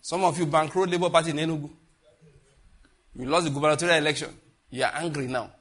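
A man preaching a sermon as pastor, repeating phrases and swinging between loud and hushed delivery. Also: on the high side, steady tone, quick pace.

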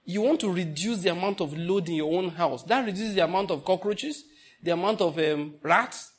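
Male Nigerian pastor, Enugu accent, slightly high voice, animated sermon storyteller. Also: normal speed. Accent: Nigerian English, Enugu. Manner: animated storytelling with laughter and mock outrage.

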